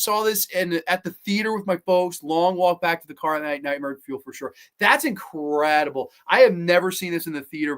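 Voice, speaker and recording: A man's voice: fairly high pitch, a bit bright. A man in his thirties hosting a horror movie podcast, chatting casually on a livestream and reading viewer comments in an enthusiastic, rambling way. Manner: enthusiastic, rambling, repeats words, swears casually.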